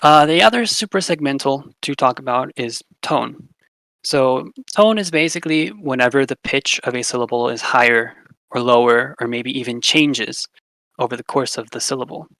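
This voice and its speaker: A young man with a bright, clear-edged voice gives a relaxed class explanation full of fillers. He slows down to repeat example words carefully. The recording is dry and close, with no room sound. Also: mid-range voice, no room sound, rough recording. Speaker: language teacher.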